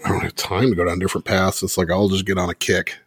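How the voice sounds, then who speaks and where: A man hosting a podcast in casual chat, laughing often and swinging his pitch up when excited. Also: fast, breathy edge, no room sound, clean studio sound. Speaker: podcast host.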